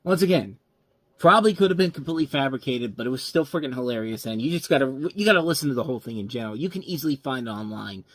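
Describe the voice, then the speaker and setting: A man's voice: medium pitch, lively intonation, fast, no room sound. A man hosting a casual movie review show, rambling and stumbling over names as he talks.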